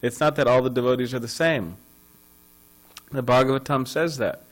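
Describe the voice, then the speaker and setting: A man's voice: medium pitch, steady tone, normal speed, poor audio. A man giving a scripture class in a temple ashram, talking in a loose, conversational way with chuckles and asides.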